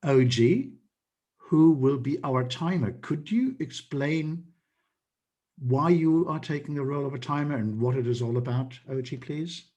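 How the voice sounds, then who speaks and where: A man hosting an online club meeting, introducing each speaker with playful, lively remarks. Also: on the high side, measured pace, dull audio. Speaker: meeting host, toastmaster of the evening.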